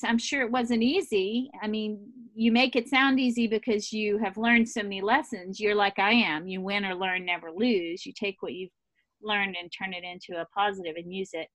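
A woman's voice: medium pitch, no echo. A woman hosting a podcast, asking questions and affirming her guest's answers. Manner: warm, affirming questioner with fillers. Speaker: podcast host. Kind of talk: conversational interview.

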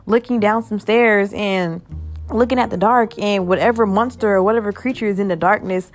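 A woman in her twenties hosting her own podcast, talking in a chatty, upbeat and animated way. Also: medium pitch, normal speed, faint music behind. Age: 20s. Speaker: podcast host. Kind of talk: casual solo podcast chat.

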